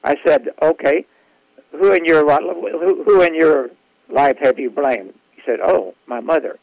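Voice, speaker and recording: A man speaking as a guest on a talk radio show, explaining his therapy practice in a halting way with frequent restarts. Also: a little high, vocal fry, a little mellow, no echo, poor audio. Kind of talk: casual radio interview.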